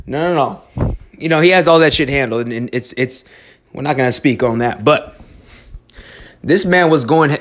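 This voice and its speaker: A man's voice: medium pitch, normal speed, pauses often. A man in a casual monologue who talks bluntly and swears freely, stumbling over restarts as he tells a story and gives earnest, motivational advice. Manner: blunt, profane, restarts a lot. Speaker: storyteller giving life advice.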